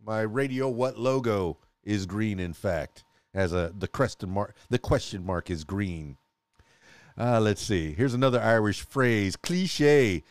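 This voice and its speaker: A man's voice: fairly low pitch, animated, measured pace, no echo. A man hosting a casual solo podcast, chatty and playful, often laughing and restarting his words. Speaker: podcast host. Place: home studio.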